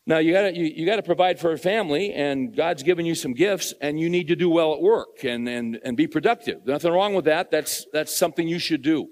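A man's voice: on the high side, fairly quick, few pauses, in a large hall. Earnest middle-aged male preacher. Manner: earnest, conversational preaching with repeated phrases. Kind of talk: sermon.

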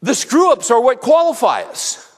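His voice sits very high and swoops wildly in pitch while holding a normal speed. The middle-aged man rambles through anecdotes and throws rhetorical questions at an all-male audience in a relaxed sermon, captured in a reverberant hall.

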